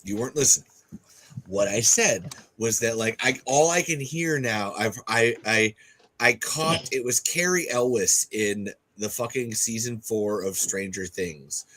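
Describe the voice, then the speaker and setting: A man hosting a casual podcast chat, rambling and excitable, often breaking into laughter. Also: medium pitch, unhurried. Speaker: podcast host.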